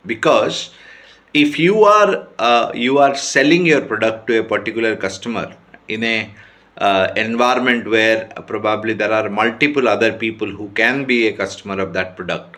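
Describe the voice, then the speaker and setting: Low-voiced man coaching on sales. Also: a bit bright. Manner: repeats checking questions and hesitates with many fillers. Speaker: sales trainer. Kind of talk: informal teaching talk to camera.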